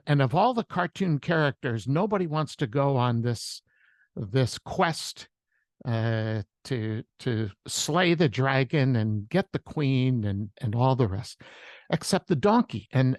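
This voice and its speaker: A man's voice: mid-range voice, no room sound. A man who is a worship leader, sharing a reflective devotional message with storytelling on a video call.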